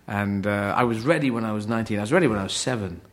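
A middle-aged man born in Yemen, a comedian chatting on a podcast, rambling and playful, slipping into quick mock voices. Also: lowish voice. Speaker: comedian guest. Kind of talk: casual podcast chat.

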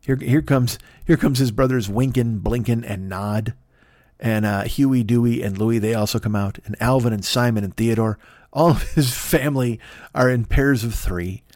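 A man's voice: medium pitch, normal speed, darkish tone, no room sound, studio quality. A male podcast host telling a comic story with profane, absurd riffing asides.

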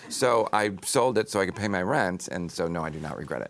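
A man being interviewed as a guest on a talk show, telling relaxed, joking anecdotes. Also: low-pitched, brisk, heavy background noise. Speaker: actor and author guest.

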